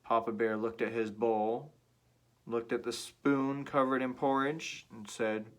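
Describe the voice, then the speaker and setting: Male storyteller for children: slow, drawn-out and playful, asks the listener questions. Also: medium pitch, little pitch movement.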